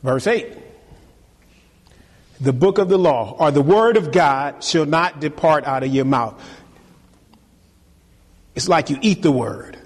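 A middle-aged man preaching a sermon as pastor, animated and teasing, calling on the congregation for amen. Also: fairly high pitch, slow pace, pauses often. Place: church sanctuary. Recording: long reverb of a hall.

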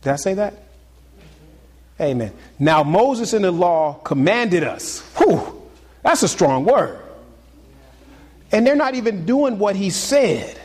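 A pastor preaching a sermon to his congregation, swinging between loud exclamations and hushed, confiding asides. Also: high voice, very animated, takes it slowly, long pauses, long reverb tail.

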